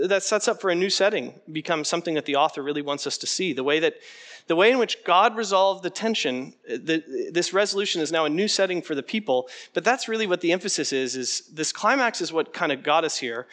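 A man leading an interactive teaching session, conversational and animated, often putting questions to the room. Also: a little high. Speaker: preaching workshop instructor.

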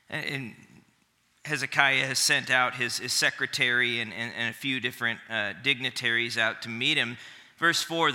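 A man's voice: medium pitch, pushed and bright, long reverb tail. A man preaching a sermon in a conversational way, often repeating a word as he restarts a phrase. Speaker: pastor.

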